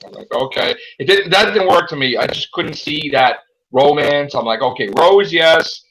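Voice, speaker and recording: Young male host, casual fan chat, lively swooping delivery, a bit high-pitched. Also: moderate pace, rough recording. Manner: animated, exclaiming, acts out his own reactions. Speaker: podcast host.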